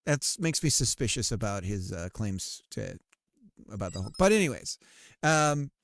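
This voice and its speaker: A man streaming while he works on a game, chatting casually, rambling with fillers and cursing at his software. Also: lowish voice, very animated, normal speed. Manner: rambling and self-deprecating, swears often, many fillers. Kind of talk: casual live-stream chat while working.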